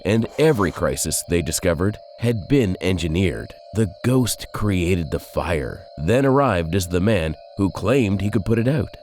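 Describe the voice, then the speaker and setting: A man narrating a dark crime story in a scripted, dramatic, measured way. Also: big pitch swings, soft background music. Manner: dramatic, measured storytelling with sudden drops in pitch and loudness.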